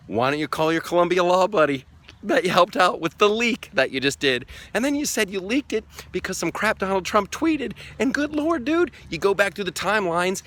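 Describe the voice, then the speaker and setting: Sarcastic man ranting with swooping pitch. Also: a little hiss or hum. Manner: sarcastic, mocking, excitable, chuckling. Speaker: vlogger host. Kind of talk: comedic political rant to camera.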